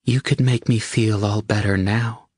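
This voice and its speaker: A man's voice: lowish voice, steady tone, unhurried, a little mellow, husky, no room sound, studio quality. A man voicing an eager young woman in love in an audiobook, with an earnest, breathless delivery. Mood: yearning.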